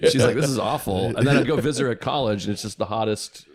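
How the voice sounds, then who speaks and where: A comedian in his thirties co-hosting a podcast, telling deadpan stories and acting out quoted lines. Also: mid-range voice, quick pace. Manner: deadpan storytelling, acts out quotes. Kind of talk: casual comedic chat.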